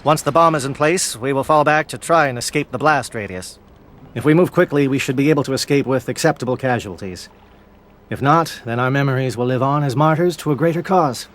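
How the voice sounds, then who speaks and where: An actor playing a stern, disciplined alien military captain in a video game, speaking in formal, clipped military phrases. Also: male voice, mid-range voice, fairly quick, a bit bright, lightly acted. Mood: resolute. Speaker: commander briefing troops.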